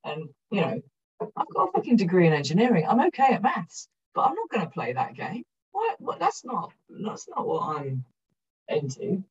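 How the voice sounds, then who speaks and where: A middle-aged woman from South Wales gives a candid keynote in a conference room, frank and energetic, swearing casually and joking at her own expense. Her voice is breathy, husky and fairly low, at a moderate pace. She is heard from some distance, and the recording sounds dull and muffled.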